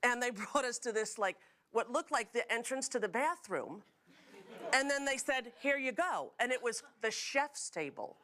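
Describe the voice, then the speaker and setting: A woman's voice: fairly high pitch, expressive, moderate pace, bright, forceful tone. A middle-aged woman hosting a talk show, telling jokey stories to a studio audience. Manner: chatty, jokey storytelling with frequent laughs.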